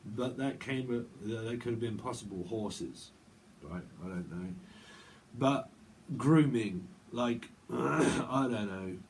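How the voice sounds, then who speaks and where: A man giving a casual tarot reading, chatty and rambling, with quick asides. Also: on the low side, darkish tone, slight background noise. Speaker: tarot reader.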